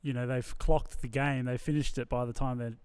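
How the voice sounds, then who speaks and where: Aussie host guy musing about skate parks, smooth clear voice, kinda rambly. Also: medium pitch, steady tone, fairly quick, darkish tone. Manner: thoughtful, rambling with restarts. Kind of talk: casual podcast chat.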